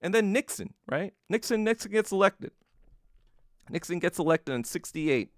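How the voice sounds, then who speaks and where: A man's voice: high voice, lively intonation, normal speed, no echo, studio quality. A man hosting a podcast, telling history in a loose, casual monologue full of swearing and acted-out quotes. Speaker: podcast host.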